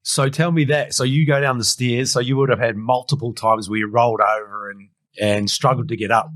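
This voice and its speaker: A man's voice: medium pitch, fairly even intonation, a little fast, a bit bright. A man co-hosting an interview, asking easygoing, encouraging questions. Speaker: co-host interviewer. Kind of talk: casual interview chat.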